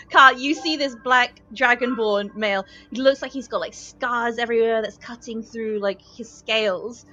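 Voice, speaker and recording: A woman's voice: on the high side, moderate pace, few pauses, pushed and bright, soft background music. A woman running a tabletop game as dungeon master, narrating loosely with fillers and laughs. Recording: dull lo-fi podcast audio.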